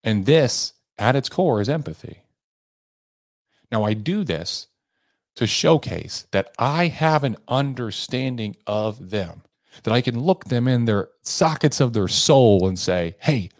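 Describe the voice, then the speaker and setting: A man's voice: mid-range voice, lively intonation, slow pace, dry recording, studio quality. A man hosting a sales coaching podcast, talking earnestly and with emphasis. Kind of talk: motivational podcast monologue.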